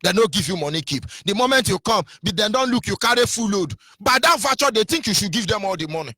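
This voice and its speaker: A man's voice: sits high, lively intonation, quick pace, few pauses, sharp tone, no room sound. A man with a Nigerian accent giving a fiery political sermon on radio, asking rhetorical questions and half-singing some phrases. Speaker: activist radio speaker.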